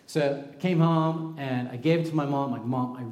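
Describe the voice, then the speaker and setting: A man's voice: on the high side, normal speed, darkish tone, reverberant. A young man preaching a sermon in a conversational way, telling stories and acting out quoted voices. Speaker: pastor.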